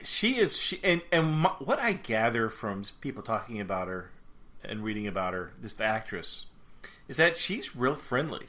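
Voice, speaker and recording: A man's voice: lowish voice, pushed and bright. A man co-hosting a fan podcast in casual chat, thinking aloud and rambling off on side tracks. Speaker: podcast co-host.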